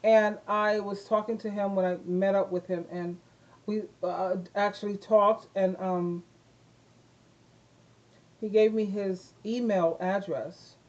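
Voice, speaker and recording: A woman's voice: mid-range voice, steady tone, slow pace. Middle-aged lady chatting to her vlog viewers, gushing and repeating herself, sound kinda muffled. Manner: rambling, repeats herself, warmly effusive. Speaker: YouTube vlogger giving life advice. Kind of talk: casual talk to camera.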